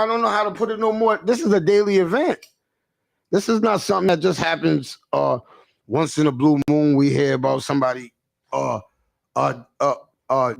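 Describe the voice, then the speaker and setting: Male livestream host, gravelly and a bit high-pitched; rambling casual rant full of stammers and restarts. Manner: rambling, repeats himself, stammers and restarts, answers chat comments.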